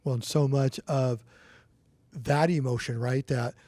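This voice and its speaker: A man's voice: medium pitch, fairly even intonation, a little slow, warm tone, dry recording. A middle-aged man co-hosting a church podcast, telling a personal story in a rambling, earnest way with restarts. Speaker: podcast co-host. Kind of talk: casual storytelling chat.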